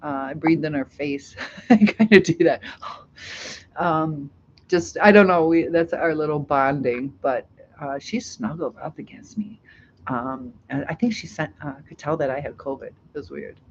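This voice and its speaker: A woman's voice: low voice, moderate pace, dull audio, a little hiss or hum. A middle-aged woman hosting a casual live stream, reading out chat comments, chatty with frequent laughs and fillers.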